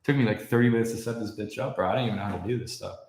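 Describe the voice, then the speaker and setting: A man's voice: fairly low pitch, racing, a little mellow. A young man livestreaming, ranting casually and profanely while answering his chat. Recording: echoey room.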